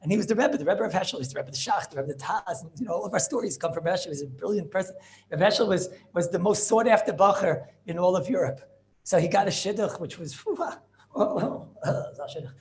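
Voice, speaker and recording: A man with telling a Torah story as a rabbi, acting out the characters in an animated way. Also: quick pace. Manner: animated, acts out characters with shifting pitch.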